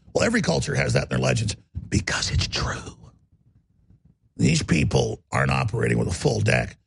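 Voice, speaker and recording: A man's voice: a little high, gravelly, slightly rough. A man hosting a talk radio show, delivering an emphatic, bellowing rant. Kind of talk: ranting talk radio monologue.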